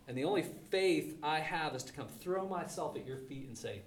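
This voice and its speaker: A man's voice: a little high, expressive, normal speed, echoey room, recorded from a distance, slight background noise. A male pastor preaching a sermon in an emphatic, conversational way, full of rhetorical questions.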